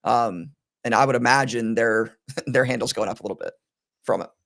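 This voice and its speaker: A man's voice: medium pitch, fairly quick, creaky, fairly bright tone. A man hosting a sports betting podcast in casual chat, rambling and laughing often, his voice strained today.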